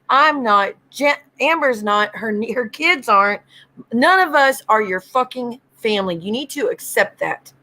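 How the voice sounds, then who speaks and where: A woman's voice: on the high side, bright, forceful tone. A woman hosting a casual livestream, greeting viewers by name and ranting bluntly with lots of swearing. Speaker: livestream host.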